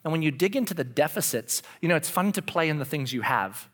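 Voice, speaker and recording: A man in his forties giving a confessional sermon as pastor, dropping to hushed whispers and rising to loud animated outbursts. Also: a little high, fast. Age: 40s.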